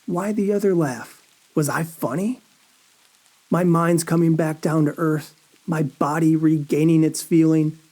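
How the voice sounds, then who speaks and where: A man narrating a first-person horror story in a slow, brooding, anxious way. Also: a little high, fairly even intonation, darkish tone.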